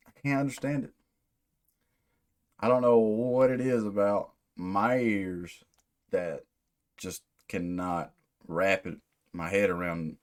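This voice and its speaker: Low-voiced guy reacting to a metal song, rambly, keeps restarting his thoughts. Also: a little mellow. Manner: rambling, thinks aloud with many restarts. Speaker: music reaction channel host. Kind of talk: casual reaction commentary.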